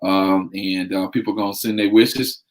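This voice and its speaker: A man's voice: low-pitched, steady tone, normal speed, rough recording. A married man co-hosting a casual talk show, easygoing and laid-back, peppering his talk with slang. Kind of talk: casual chat.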